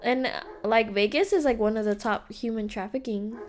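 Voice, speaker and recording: A woman's voice: on the high side, moderate pace, a little mellow. Young woman rambling through an anecdote. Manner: rambling anecdotes full of "like", slips into Spanish phrases. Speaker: podcast co-host. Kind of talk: casual chat.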